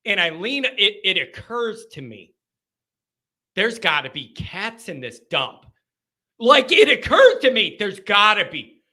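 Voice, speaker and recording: A man hosting a live call-in show, telling a rambling story with casual profanity and lots of fillers, dropping to low mutters and rising to shouts. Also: very animated, measured pace.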